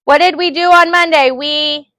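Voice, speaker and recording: A woman teaching a phonics lesson to young students in a classroom, loud and energetic, calling on children by name. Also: very high voice, a little slow, faint music behind.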